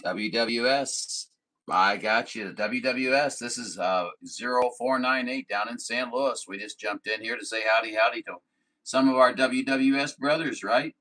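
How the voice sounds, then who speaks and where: A man's voice: mid-range voice, a little slow, pushed and bright, rough recording. A man from southern Missouri chatting casually on a CB radio frequency, folksy and apologetic, with lots of fillers. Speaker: CB radio operator.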